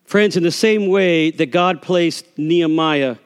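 A man's voice: on the high side, unhurried, smooth, in a large hall. A man preaching a sermon as a pastor, telling a folksy story and acting out the voices of the people in it. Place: church sanctuary.

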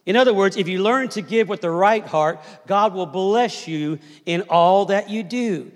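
Speaking at a measured pace in a high-pitched voice, a fifty-something pastor weaves family stories into his sermon and calls on the congregation to answer back. His manner is conversational, and the recording has a large hall's long reverb.

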